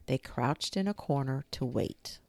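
A woman reading a children's storybook aloud in a slow, expressive manner. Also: very deep voice, vocal fry, no room sound. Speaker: narrator.

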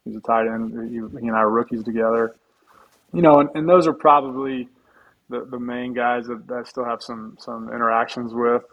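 A man's voice: medium pitch, steady tone, brisk, highs cut off. A man in his forties, a podcast guest and former football player, telling stories in a chatty, humble way full of restarts. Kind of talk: casual storytelling in a podcast interview.

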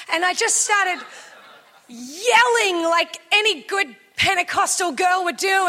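Woman pastor in her thirties, high bright voice, animated sermon delivery. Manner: animated storytelling, shouting in the story. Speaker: preacher. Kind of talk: sermon with personal story.

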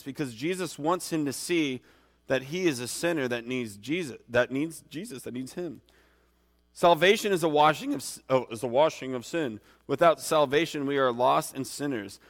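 A man's voice: on the high side, a bit bright, in a large hall. A man preaching an informal sermon in a conversational, rambling way, with many restarts and fillers.

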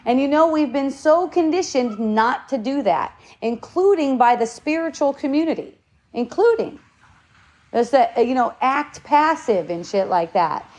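A woman's voice: sits high, lively intonation, unhurried, a little mellow. A woman giving earnest spiritual advice in casual talk, swearing now and then.

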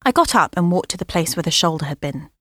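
A woman's voice: on the low side, animated, fairly bright tone, no echo, clean studio sound. Woman narrating a horror story. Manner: measured storytelling.

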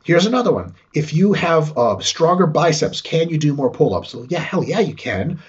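A man in a casual podcast chat about training, talking in an animated, profane way. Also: fairly high pitch, moderate pace, husky, lo-fi sound. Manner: animated and profane, acts out quoted voices. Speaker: fitness podcast talker.

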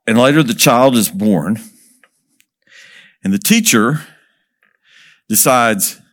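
A man working as a missionary speaker tells a story to an audience, lively, asking questions and chuckling as he goes. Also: mid-range voice, takes it slowly, long pauses.

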